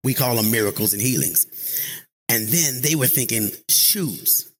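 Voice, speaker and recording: A man preaching a sermon in church, lively, calling on the congregation and rising to shouts. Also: mid-range voice, normal speed. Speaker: pastor. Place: church sanctuary.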